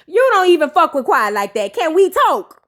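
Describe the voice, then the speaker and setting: A woman's voice: high-pitched, sing-song, moderate pace, fairly bright tone. A woman doing a brash, cussing woman calling out fakes. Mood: scornful, heated. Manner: profane and confrontational.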